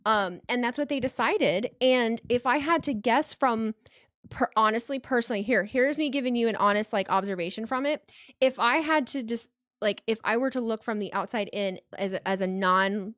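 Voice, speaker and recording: A woman's voice: a little high, moderate pace, fairly bright tone, no echo. Rambling apologetic woman streamer, dry sound. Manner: apologetic, trips over her words, swears casually. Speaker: streamer hosting a wrestling watch party. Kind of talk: casual live-stream chat, reading super chats.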